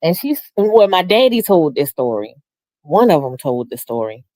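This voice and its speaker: At a moderate pace, with no echo and clean studio sound, a middle-aged woman hosts a casual storytelling livestream. She reads out comments, shares family tales, laughs often, and voices quotes in a high register with lots of animation.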